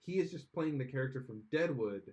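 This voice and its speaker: A man's voice: medium pitch, lively intonation, brisk, crowd noise. Blunt, opinionated man on a lo-fi podcast. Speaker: podcast co-host. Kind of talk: casual chat. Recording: slightly dull lo-fi sound.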